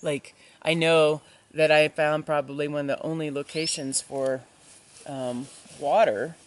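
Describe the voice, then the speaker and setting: A woman's voice: sits low, steady tone, unhurried. A woman backpacking alone, telling a story to camera in a casual, chatty way with many ums, outdoors at a forest campsite. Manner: chatty, many ums, acts out voices in retelling. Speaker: solo backpacking vlogger.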